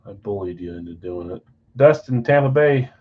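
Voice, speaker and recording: In a basement card room, a married adult man runs a laid-back card-break livestream, chattily reading out names and teams. His voice sits on the low side, husky and expressive, at a moderate pace, and the audio is a bit muffled.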